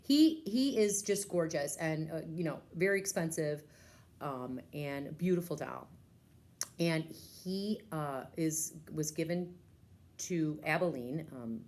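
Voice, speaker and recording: A woman's voice: deep voice, a little mellow, a little hiss or hum. A woman librarian giving a casual, enthusiastic book talk and retelling a story, with lots of ums and uhs.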